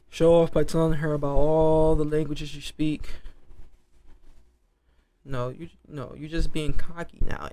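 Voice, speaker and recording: A man's voice: a little high, gravelly. A man casually commenting while playing a dating game, reading choices aloud and judging them. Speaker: gaming streamer.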